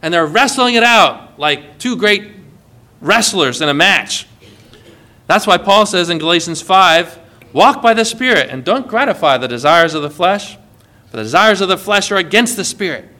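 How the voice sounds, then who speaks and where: A man's voice: sits high, lively intonation, moderate pace, bright, forceful tone. A man preaching a sermon as pastor, quoting scripture with impassioned emphasis.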